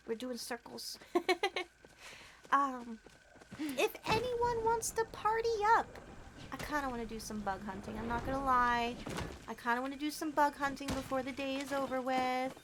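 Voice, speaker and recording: A woman streaming a game, chatting casually with her viewers, giggling often and quick to get excited. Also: sits high, background noise. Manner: bubbly, giggly, talks to chat. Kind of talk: casual gameplay livestream chat.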